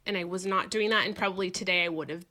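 A woman in her forties with a lowish voice tells a story in casual conversation, talking fast. She's animated and swears freely while acting out what people said.

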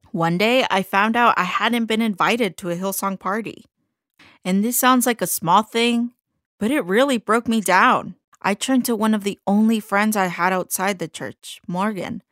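Woman, personal testimony, halting soft delivery full of fillers, mid-pitched voice. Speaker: guest telling her own story.

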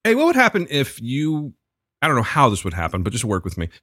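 A man's voice: medium pitch, wildly swooping pitch, fast, a bit bright, no room sound, studio quality. A man hosting a casual chat who sets up improv bits and swears casually. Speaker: podcast host.

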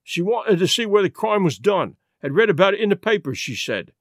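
A man's voice: high voice, very animated, brisk, dry recording, studio quality. A man reading a story aloud and voicing a big, penitent police constable who rambles apologetically. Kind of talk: audiobook reading.

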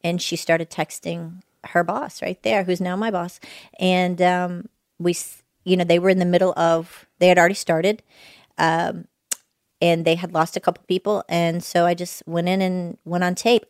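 A woman's voice: on the low side, no echo. Middle-aged woman w a whiny voice, chatty and blunt, swears a lot, dead dry sound. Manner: candid, storytelling, swears freely. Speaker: podcast guest. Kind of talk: casual interview chat.

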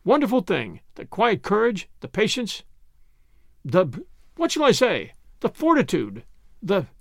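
A man voicing an excited, talkative British gentleman who proposes toasts in a hearty, rambling way. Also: high-pitched, moderate pace, dry recording, studio quality.

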